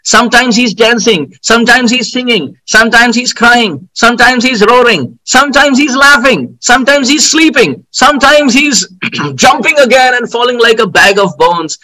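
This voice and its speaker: A man giving a devotional sermon, telling stories in an animated way, with outbursts and frequent laughter. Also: very high-pitched, moderate pace, rough recording. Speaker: spiritual teacher.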